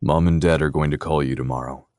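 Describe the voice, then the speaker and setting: A man voicing a restless, protective young man in an audiobook, speaking in a gruff, clipped way. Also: extremely low pitch, steady tone, quick pace, a little mellow, no echo, clean studio sound. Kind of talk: audiobook character voice.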